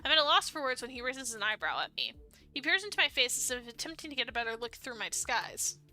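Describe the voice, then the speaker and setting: A woman's voice: sits high, sing-song, quick pace, sharp tone, soft background music. A young woman streaming, reading a dating game aloud in a chatty, giggly way.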